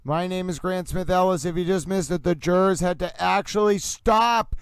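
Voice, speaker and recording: A man hosting a live commentary stream on a trial, excitable and given to repeated exclamations, speaking close to the mic. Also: high-pitched, moderate pace, clean tone, dry recording, low-quality recording. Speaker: livestream host.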